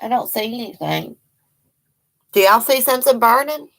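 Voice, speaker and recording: A woman's voice: on the high side, lively intonation, normal speed, gravelly, fairly bright tone. A woman from Eastern Kentucky with an Appalachian accent, hosting a casual home livestream, chatting folksily and reading out viewer comments. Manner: chatty and folksy, laughs often, talks to her dog. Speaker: livestream host.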